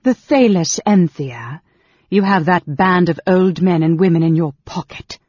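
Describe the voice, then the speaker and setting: A man reading a story aloud, voicing a proud female elf queen who speaks in a sharp, scathing, raised tone. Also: high-pitched, sing-song, slow pace, husky, no echo, pitched above the performer's own voice, heavily acted. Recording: dull, dry lo-fi recording.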